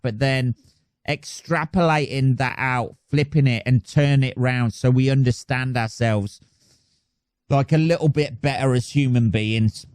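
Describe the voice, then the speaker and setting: A man's voice: mid-range voice, a little slow, a little mellow, no room sound. A man hosting his own podcast alone, chatting casually in a rambling, sweary, self-mocking way. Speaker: podcast host. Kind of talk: casual solo podcast chat.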